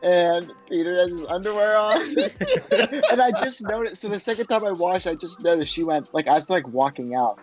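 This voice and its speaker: Young guy on a podcast, lively and kinda husky, acting out movie bits, faint music under it. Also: high voice, moderate pace, dull audio. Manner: animated, acts out scenes in voices. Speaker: podcast co-host. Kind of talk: casual movie discussion.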